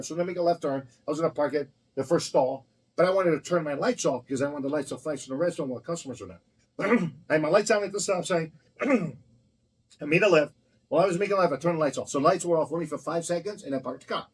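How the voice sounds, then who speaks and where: This restaurant owner's casual storytelling is heated, blunt and full of profanity. His voice is high-leaning and slightly rough, captured in a rough recording.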